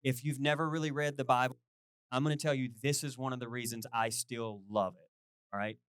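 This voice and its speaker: A middle-aged man preaching a casual, conversational sermon as a pastor, chatty and animated, often asking his listeners questions. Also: medium pitch, fairly quick, clean tone, dry recording, studio quality.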